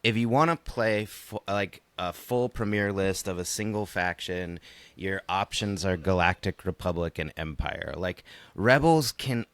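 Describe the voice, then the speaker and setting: Low-voiced man, dry sarcastic wit. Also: unhurried, fairly bright tone, no echo. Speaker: podcast co-host. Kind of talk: casual chat.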